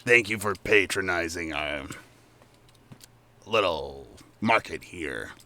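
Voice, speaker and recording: A man voicing a male candy-apple-headed fair vendor in a slow, low, gravelly near-whisper. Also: animated, sharp tone, heavily acted. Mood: gruff friendly.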